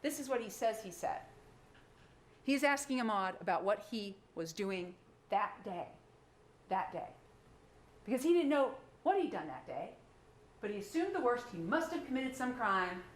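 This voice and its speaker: A woman's voice: a little high, big pitch swings, normal speed, long pauses. A woman prosecutor giving a closing argument to a jury, emphatic and full of rhetorical questions. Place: courtroom. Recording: echoey courtroom, faint background noise.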